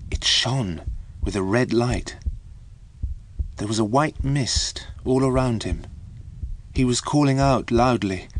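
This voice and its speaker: Low-voiced man reading a storybook. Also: slight background noise. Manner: clear, measured reading for learners. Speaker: audiobook narrator. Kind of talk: scripted storybook narration.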